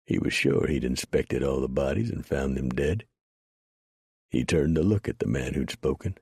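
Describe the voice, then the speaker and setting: A man reading a western novel aloud in a steady, measured narration. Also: very deep voice, creaky, slightly rough, dry recording, studio quality. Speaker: audiobook narrator. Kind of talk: scripted narration.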